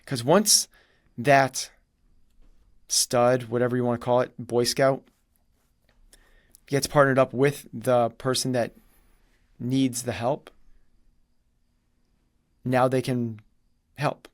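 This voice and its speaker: A man's voice: medium pitch, flat delivery, slow, pauses often, no room sound, clean studio sound. A man telling a story in conversation, acting out quoted dialogue as he goes. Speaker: guest.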